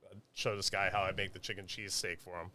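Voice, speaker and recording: A man talks quickly in a loose, rambling way, full of "you know what I mean." His tone is bright and forceful despite the depth. He sounds like a podcast guest at ease in the studio. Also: sits low, flat delivery. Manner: laid-back, rambling, frequent fillers. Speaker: guest, meal prep business owner. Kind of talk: casual podcast conversation.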